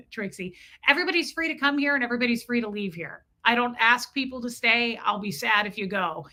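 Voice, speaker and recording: Brisk and a little high, a woman's voice comes through a streaming mic as she hosts a relaxed live stream. She gushes, repeats herself, and greets chatters by name while reading their messages, all while feeling cold and freezing.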